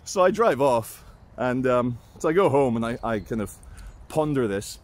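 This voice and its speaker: His voice is medium-pitched with lively intonation and a moderate pace. This British man vlogs casually outside at sunrise, telling blunt stories that mock himself and swearing freely.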